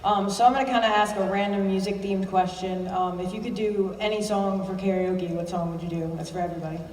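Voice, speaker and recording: A woman's voice: medium pitch, fairly even intonation, fast talker, darkish tone, slight background noise. Nervous woman asking a con panel a question, echoey hall, far from the mic. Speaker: audience member. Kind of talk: fan question. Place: large convention hall.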